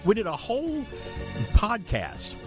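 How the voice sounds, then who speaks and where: A man hosting a podcast, chatty and quick to laugh, in casual conversation. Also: high voice, wildly swooping pitch, music in the background. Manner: chatty, laughs easily, many "right"s. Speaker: podcast host. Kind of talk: casual chat.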